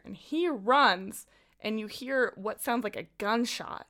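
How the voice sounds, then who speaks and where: A woman's voice: on the high side, moderate pace, a bit bright. A young woman co-hosting a podcast, casually retelling a movie plot with lots of "like" and laughter. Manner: chatty retelling, many "like"s, laughs while talking. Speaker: podcast co-host. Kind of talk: casual movie recap chat.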